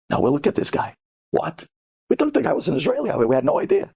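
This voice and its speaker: Animated New rabbi telling a story. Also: male voice, quick pace, gravelly, long pauses, breathy edge. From United States. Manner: animated, swings between hushed and soaring pitch; sprinkles Hebrew terms into speech. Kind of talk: inspirational storytelling.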